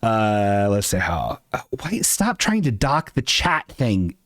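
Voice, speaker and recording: A man's voice: on the low side, very animated, takes it slowly, a bit bright, dry recording, clean studio sound. Rambling, profane man hosting a stream. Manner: rambling, profane, self-mocking. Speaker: live show host. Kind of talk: casual livestream chat.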